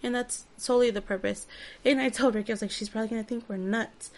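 A woman's voice: on the high side, fairly even intonation, fast. A woman in casual podcast chat, talking freely with lots of "like" and "you know". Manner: chatty, fills with "like" and "you know".

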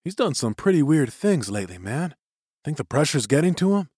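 A wary young deckhand talking low and uneasy, as a male narrator reads him. The voice stays close to the reader's own, dry and near the mic. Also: big pitch swings, a little fast, a little mellow, breathy edge, dry recording.

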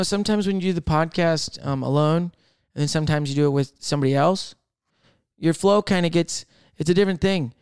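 A man hosting a solo podcast, rambling and thinking out loud in casual chat, swearing freely. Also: fairly high pitch, creaky, clean tone, no echo, studio quality. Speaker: podcast host.

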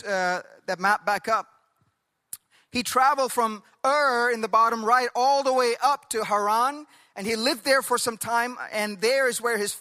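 A man's voice: extremely high pitch, bright, forceful tone, big-room sound. A man pastor preaching a sermon, stretching out key words for emphasis and leading the congregation to read along with him. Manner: emphatic, drawn-out stresses, leads the congregation in call-and-response.

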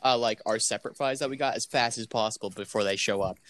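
A man's voice: fairly low pitch, fast, a bit bright. A young man, a podcast co-host, rambling through a funny story in casual chat, quoting his friends and often breaking into laughter. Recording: noisy home recording.

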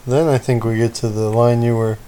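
A man's voice: medium pitch, flat delivery, a little fast, mellow. A man co-hosting a podcast, chiming in with short agreements and dry asides while recapping a TV episode. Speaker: podcast co-host. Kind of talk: casual chat recapping a TV episode.

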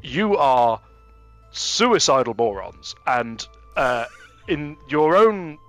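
A man's voice: medium pitch, fairly bright tone. A man playing an exasperated male adventurer who talks with dry sarcasm and many hesitations. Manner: hesitant, full of fillers, sardonic.

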